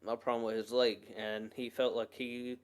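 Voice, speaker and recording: A man hosts his own podcast alone, talking in an earnest and meandering way. His voice is smooth and clear at a middling pitch. He fills his sentences with fillers and often restarts them. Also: flat delivery, moderate pace. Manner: rambling, loose and earnest, with many fillers and restarts. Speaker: podcast host. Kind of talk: casual solo podcast monologue.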